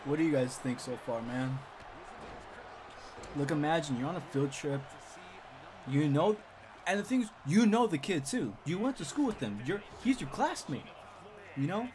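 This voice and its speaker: A man's voice: fairly high pitch, expressive, normal speed, pauses often, background noise. A young man casually telling a funny school story on a live stream, rambling with lots of repeats and chuckles.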